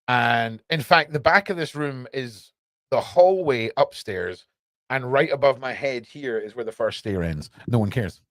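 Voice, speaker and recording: A man's voice: mid-range voice, animated, measured pace, a bit bright, no echo. A British man hosting a podcast from a small room at home, rambling through news commentary with lots of rhetorical questions. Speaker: podcast host.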